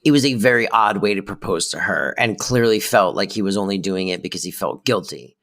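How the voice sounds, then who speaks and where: A man's voice: lowish voice, fairly quick, a bit bright. A man podcast co-host musing loosely and thoughtfully in casual chat.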